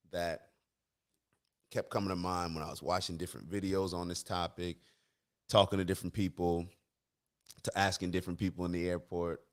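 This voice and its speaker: Deep-voiced man hosting a casual live stream. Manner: conversational, opinionated, repeats and restarts phrases.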